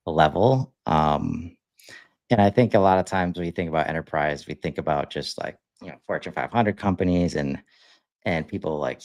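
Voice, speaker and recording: Extremely low in pitch, this man's voice comes through with no room sound as he co-hosts a podcast. He chats casually and rambles, restarting sentences and using plenty of fillers.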